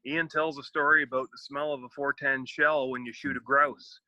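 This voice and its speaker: Earnest man with a bright, dull-toned sound. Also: medium pitch, little pitch movement, no room sound. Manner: earnest, halting, many fillers. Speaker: guest, outdoor mentor. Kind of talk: casual podcast chat.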